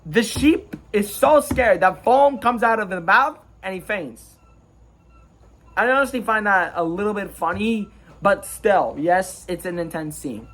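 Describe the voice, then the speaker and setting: A man's voice: sits high, animated, a little slow, a bit bright. A man giving a casual, rambling and jokey recap of a film as a reviewer. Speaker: movie reviewer.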